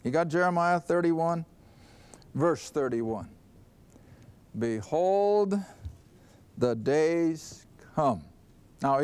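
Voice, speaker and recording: Slow, clear-voiced man teaching the Bible. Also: fairly high pitch. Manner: earnest, asks the class questions; stresses words and reads scripture aloud. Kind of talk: Bible study lesson.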